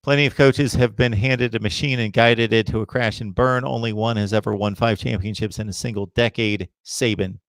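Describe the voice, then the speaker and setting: A man's voice: on the low side, creaky, a bit bright, no echo. Opinionated man hosting a sports chat. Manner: opinionated, emphatic, answers viewer comments. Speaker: host of a college football livestream. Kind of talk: casual live chat reading comments.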